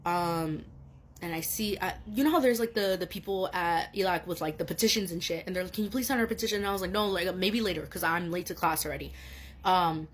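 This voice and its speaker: A woman's voice: on the low side, slight background noise. A young woman student telling a story to the camera in a casual, rambling way, with lots of fillers and swearing, getting heated. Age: young adult.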